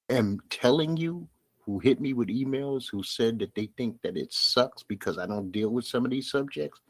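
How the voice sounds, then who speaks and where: A man's voice: on the low side, no echo. A middle-aged man with a Brooklyn New York accent, hosting a solo podcast monologue in a blunt, emphatic way, hammering his points home by repeating them. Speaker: podcast host.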